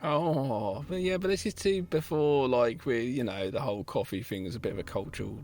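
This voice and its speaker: A man's voice: medium pitch, brisk, darkish tone, no echo. Chatty man teasing his co-host. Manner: chatty, jumps in with jokes and teasing asides. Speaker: podcast co-host. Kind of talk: casual film review chat.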